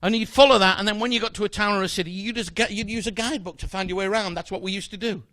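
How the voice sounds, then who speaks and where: Fast-talking magician, dry sound. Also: male voice, high-pitched, pushed and bright, no room sound. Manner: playful, joking, chatty with a volunteer. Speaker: stage magician. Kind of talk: live comedy magic patter.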